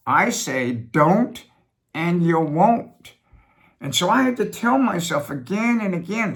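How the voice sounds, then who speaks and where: A middle-aged man talking alone from his home office, rambling and repetitive, pressing his points hard and then slowing right down. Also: fairly high pitch, a bit bright. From United States. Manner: rambling, repetitive, emphatic with sudden slowdowns. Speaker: business funding host. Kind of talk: reflective monologue.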